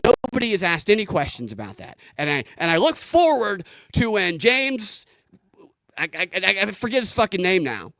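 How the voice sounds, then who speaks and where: A man hosting a casual podcast, talking excitedly with frequent profanity and stumbling restarts. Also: sits high, normal speed. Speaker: podcast host.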